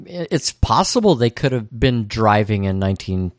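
A man co-hosting a podcast, casually recapping scenes in a steady play-by-play. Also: fairly low pitch, moderate pace, dry recording, clean studio sound. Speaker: podcast co-host.

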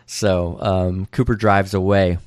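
A man co-hosting a podcast, casually recapping scenes in a steady play-by-play. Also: low-pitched, slow, no echo, clean studio sound. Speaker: podcast co-host.

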